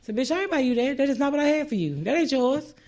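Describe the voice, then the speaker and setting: A middle-aged woman co-hosting a casual chat, telling animated, profane family stories and laughing through them. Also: high voice, quick pace. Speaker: podcast co-host.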